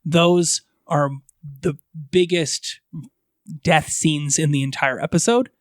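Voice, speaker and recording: A man's voice: a little high, steady tone, slow pace, no room sound, studio quality. A man co-hosting a casual fan podcast, carefully tallying figures and explaining them at length. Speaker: podcast co-host.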